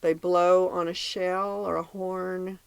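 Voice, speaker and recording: A woman's voice: lowish voice, flat delivery, slow pace, vocal fry, clear, resonant tone, no echo. A woman co-hosting a podcast, recapping a dating show in casual chat, reading out her notes and laughing often. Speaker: podcast co-host.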